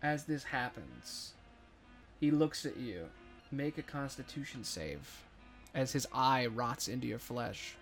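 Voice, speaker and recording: A man narrating as game master of a tabletop game, casual with dramatic pauses. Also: mid-range voice, expressive, fairly bright tone, faint music behind.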